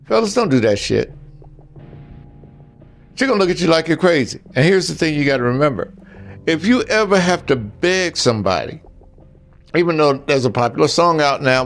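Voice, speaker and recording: An older man delivers blunt relationship advice in a casual monologue, speaking directly to the guys listening and weaving in stories. His voice is on the high side and sing-song, gravelly, at a moderate pace with long pauses.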